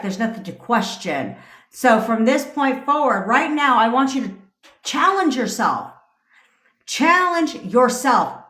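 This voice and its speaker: A woman's voice: fairly high pitch, a bit bright. Blunt, profane woman coach in an echoey room. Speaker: manifestation coach. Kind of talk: livestream pep talk. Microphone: phone.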